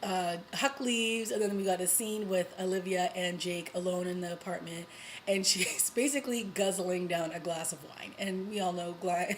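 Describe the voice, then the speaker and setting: A woman vlogger recapping a TV episode in a casual, excited way, with lots of "you know" and little laughs. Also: mid-range voice, slight background noise, poor audio. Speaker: TV review vlogger.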